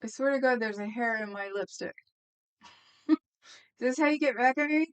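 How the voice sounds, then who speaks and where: A woman's voice: a little high, normal speed, clear, resonant tone. A woman chatting casually on a live stream, rambling, laughing easily and talking to viewers in the chat.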